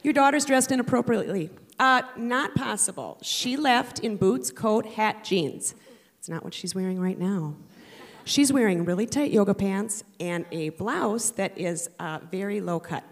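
A stern school official speaks in a clipped, disapproving way, as a woman storyteller quotes her. The voice sits lower than the teller's usual bright tone. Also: unhurried.

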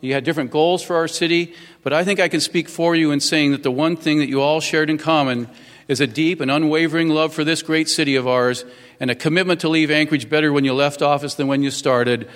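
A man's voice: fairly high pitch, steady tone, brisk, fairly bright tone, in a large hall. A man in his fifties giving a folksy, earnest public speech as a newly sworn-in mayor, thanking people at a ceremony. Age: 50s. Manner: folksy and earnest, with many fillers.

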